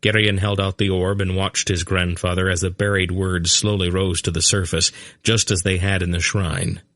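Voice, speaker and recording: A man narrating a fantasy audiobook in a steady, measured reading. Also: low-pitched, no echo, studio quality.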